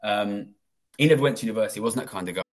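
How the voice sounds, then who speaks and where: A man's voice: on the low side, racing, faint music behind. Candid man telling his story. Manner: rambling, frequent swearing and fillers. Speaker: guest, former trader.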